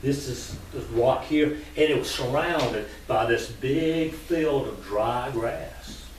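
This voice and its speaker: A man telling a folk tale live to an audience, chatty and animated with asides to the listeners. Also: medium pitch, takes it slowly. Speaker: storyteller. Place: meeting hall. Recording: echoey room from far off, faint noise.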